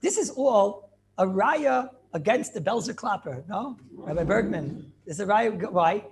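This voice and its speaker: Unhurried but animated, a rabbi with a high, gravelly voice leads a Talmudic class lecture. He poses questions, supplies his own answers and circles back over phrases, keeping the exchange lively.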